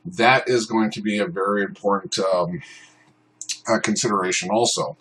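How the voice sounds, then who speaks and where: A man teaching self-defense law in an unscripted, informal way, often pausing on ums and uhs. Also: fairly low pitch, fairly even intonation, breathy edge, low-quality recording. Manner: informal, many ums and uhs, shouts out acted commands in examples. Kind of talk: unscripted explanatory talk.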